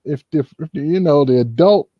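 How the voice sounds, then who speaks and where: A man's voice: fairly high pitch, normal speed, dry recording. A man hosting a casual commentary, rambling with many fillers. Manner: rambling, full of "you know" fillers. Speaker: host. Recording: dull, lo-fi.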